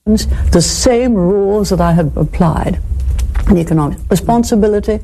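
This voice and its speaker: An older woman with an English accent, answering interview questions in a firm, deliberate, measured way, from an archival recording. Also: mid-range voice, vocal fry, dark tone, a little hiss or hum, poor audio. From England. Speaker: former politician being interviewed.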